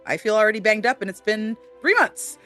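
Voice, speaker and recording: A man with a rather high, bright and forceful voice co-hosts a casual talk show. He talks earnestly, with plenty of filler words. Faint music plays behind him. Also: expressive, a little fast. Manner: earnest, many fillers, warm shout-outs. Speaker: co-host. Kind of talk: casual chat.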